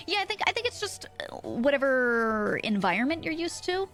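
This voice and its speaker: A woman's voice: high-pitched, big pitch swings, normal speed, a bit bright, faint music behind. A young woman, chatting casually with her stream audience and laughing often. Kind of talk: casual stream chat, reading chat messages.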